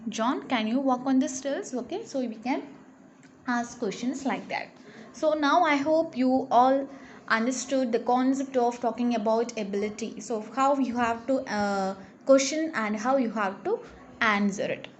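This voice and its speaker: A woman teacher, slowly reading word lists and example questions in a lesson. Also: on the high side, slight background noise. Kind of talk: recorded online English lesson.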